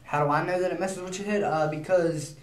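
A teenage boy vlogging in a casual, rambling way, nervous and prone to quick bursts of speech. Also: high-pitched, fairly even intonation, roomy sound. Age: teens. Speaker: YouTuber.

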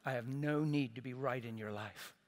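A man's voice: medium pitch, normal speed. Earnest, impassioned male preacher. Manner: earnest, impassioned preaching with sudden loud bursts and dropping to soft asides. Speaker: pastor. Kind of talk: sermon.

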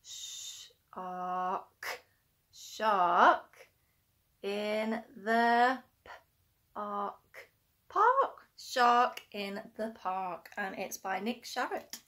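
An infant school teacher reads a picture book to young children in a medium-pitched voice, speaking extremely slowly. She is animated, gasping often and asking the kids questions.

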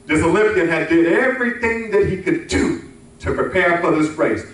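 A man preaching a sermon to his congregation and drawing call-and-response from them. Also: fairly high pitch. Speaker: pastor. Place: church sanctuary. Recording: echoey hall, mic from a distance.

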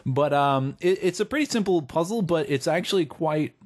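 A man's voice: fairly high pitch, animated, normal speed, darkish tone. A man co-hosting a podcast, explaining a game in casual chat and correcting himself as he goes. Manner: rambling, self-correcting explanations. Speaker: podcast co-host. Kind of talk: casual chat reviewing games.

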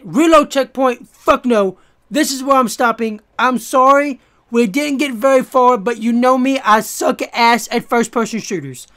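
A man's voice: extremely high pitch, a little fast, pushed and bright. A man commentating his own gameplay casually, cursing and ranting as he gets frustrated, then talking straight to his viewers. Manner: talks to viewers directly. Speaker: gaming YouTuber.

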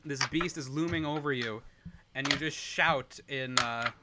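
A man's voice: mid-range voice, measured pace, noisy background. A man acting as dungeon master, easygoing and prompting the players with questions as he narrates the game.

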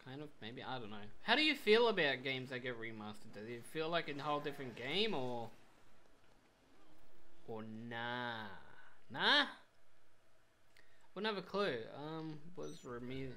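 A young man giving rambling, swear-heavy commentary on a game, with sudden loud outbursts. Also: medium pitch, big pitch swings, a little slow, long pauses, a little hiss or hum. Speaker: gameplay commentator. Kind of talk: casual let's play commentary.

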